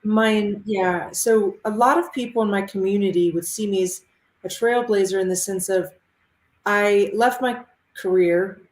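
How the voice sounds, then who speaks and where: A woman from Ohio who teaches mindful movement, answering interview questions over a video call in a measured, thoughtful way. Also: medium pitch. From Ohio, United States. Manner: measured, thoughtful, with pauses and fillers. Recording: roomy echo.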